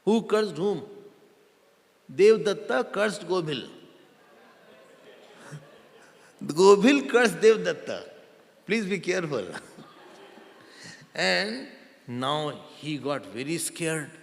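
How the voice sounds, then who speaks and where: A male spiritual teacher telling a story to an audience, often quizzing them and repeating names, sometimes chanting verses slowly. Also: a little high, animated, creaky. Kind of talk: storytelling discourse. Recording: long hall reverb.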